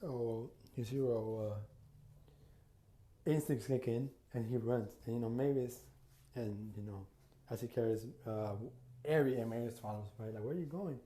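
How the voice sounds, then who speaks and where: A man's voice: mid-range voice, fairly even intonation, measured pace, mellow. A man casually retelling an imagined crossover story as a YouTuber, rambling with lots of fillers and restarts. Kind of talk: casual fan-fiction storytelling.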